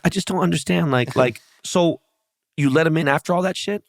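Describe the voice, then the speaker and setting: A man hosting a podcast in casual chat, blunt and profane, teasing his guest with quick-fire questions. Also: on the high side, gravelly, dry recording, clean studio sound. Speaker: podcast host.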